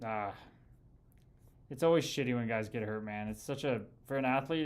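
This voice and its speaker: A man's voice: mid-range voice, moderate pace, clean tone. A man hosting a casual livestream, reading viewer comments and arguing bluntly with a critic, calling people "brother" often. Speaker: livestream host.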